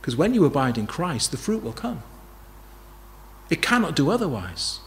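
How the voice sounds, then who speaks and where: A man's voice: a little high, sing-song, moderate pace, fairly bright tone. A man preaching a sermon, emphatic, repeating key phrases and asking rhetorical questions.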